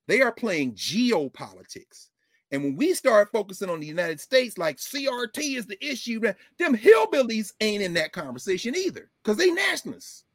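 Lively, emphatic man with dry sound. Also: high voice, no echo. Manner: emphatic, lively, folksy asides. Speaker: political commentary host. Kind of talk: casual political commentary.

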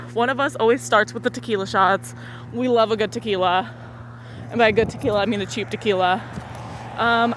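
A young woman with a medium-pitched, slightly bright voice hosts a casual solo podcast while on a muddy outdoor walk, recorded on the phone in her pocket with slight background noise. She rambles and laughs often.

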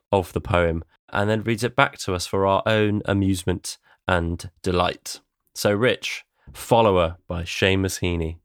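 Male podcast co-host, low pitch, relaxed wry explainer, dry close recording. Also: measured pace, smooth, no echo. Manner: chatty, wry, explains at length. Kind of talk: casual chat about poetry.

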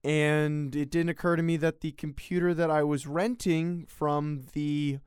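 A young man co-hosting a casual sports podcast, telling stories briskly with sarcastic asides. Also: on the high side, little pitch movement, a little mellow, smooth, no room sound, clean studio sound. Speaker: podcast co-host.

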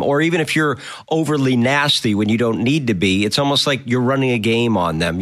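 A man's voice: mid-range voice, a bit bright. A man hosting a conversational interview, thinking aloud and rephrasing what his guest says. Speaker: interview host.

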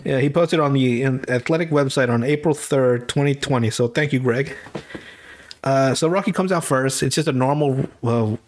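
A young man hosting a podcast who casually recaps movies, rambles and swears often. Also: mid-range voice. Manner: rambling, swears often, acts out characters with quick put-on voices. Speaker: podcast host.

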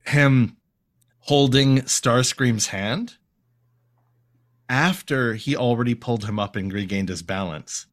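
A man co-hosts a podcast, speaking slowly in a mid-range voice with long pauses as he casually recaps a cartoon episode. Despite the pace, he's animated and jokey, putting on silly voices for the lines.

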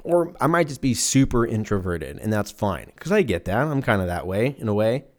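A man's voice: fairly low pitch, big pitch swings, moderate pace. A man in his twenties rambling alone on his podcast, swearing freely and slipping into silly exaggerated voices, recorded at home. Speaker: podcast host. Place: room at home with windows open.

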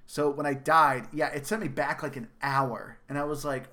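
Animated young man hosting a chat. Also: on the high side, moderate pace. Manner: animated, laughs often, quotes himself in voices. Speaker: podcast host. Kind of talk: casual chat.

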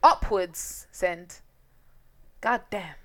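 A woman's voice: lowish voice, extremely slow, bright, forceful tone. Laughing, blunt young woman. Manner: laughs often, blunt and swearing. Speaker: podcast co-host. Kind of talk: casual true-crime chat.

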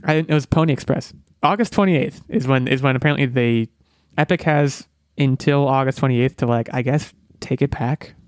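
A young man co-hosting a podcast in casual chat, rambling and breaking off mid-sentence into animated asides. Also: mid-range voice, moderate pace, no echo, studio quality. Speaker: podcast co-host.

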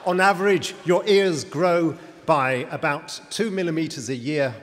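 A man from the UK delivers a wry, humorous acceptance speech like a little story. His voice is a touch higher than average. It echoes in a big hall with faint noise. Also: unhurried. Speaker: prize winner giving speech.

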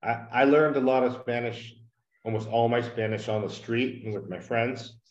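Man, podcast guest, earnest, rambling, middle pitch, roomy, muffled lo-fi sound. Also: moderate pace. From United States. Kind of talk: casual interview conversation. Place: home in a small town. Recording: roomy, dull lo-fi audio.

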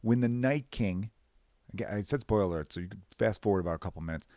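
Man, podcast host, deep voice, dry recording, breathless rambling, swearing. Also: fast, no echo. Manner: profane, rambling, animated bursts into high-pitched mimicry. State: short of breath. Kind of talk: casual podcast monologue. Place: away from his usual recording space.

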